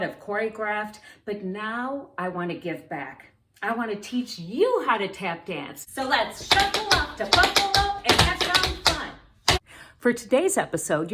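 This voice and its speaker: A woman's voice: mid-range voice, a little hiss or hum. A woman teaching tap dance in a step-by-step tutorial, counting out the steps in rhythm as she dances. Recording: roomy, distant camera audio with loud tapping. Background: tap shoe clicks.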